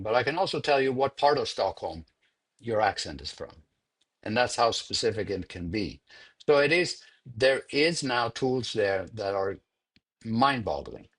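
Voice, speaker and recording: Husky older man telling a story. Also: medium pitch, fairly bright tone. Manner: unhurried, repeats words while thinking. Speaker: interviewed sound editor. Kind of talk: conversational interview storytelling.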